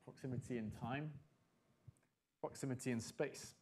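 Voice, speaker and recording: A man giving a conference talk, animated and emphatic, repeating his key phrases for effect. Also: medium pitch, moderate pace, slightly rough. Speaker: conference speaker.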